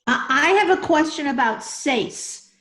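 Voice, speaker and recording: A woman's voice: high-pitched, lively intonation, measured pace, a bit bright. An older woman student asking polite, careful questions in class. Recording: roomy echo.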